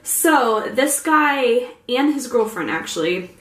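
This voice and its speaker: A woman's voice: fairly high pitch, animated, slow pace, a bit bright. A young woman from Ohio vlogging casually, rambling along with many fillers. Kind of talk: casual chat. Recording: echoey room with faint ambience.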